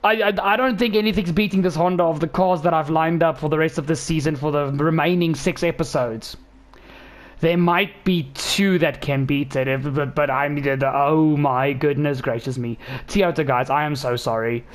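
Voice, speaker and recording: Excitable rambling male game reviewer. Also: fairly high pitch, moderate pace. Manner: excitable, rambling, frequent self-corrections. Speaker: gaming channel host. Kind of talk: casual game review commentary.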